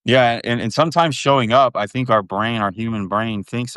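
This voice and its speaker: A man's voice: mid-range voice, moderate pace, hardly any pauses, fairly bright tone, clear, resonant tone, no room sound. Man, 30s, podcast guest, candid and swearing, dry close sound. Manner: frank, swears freely, rambling with restarts. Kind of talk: candid casual conversation.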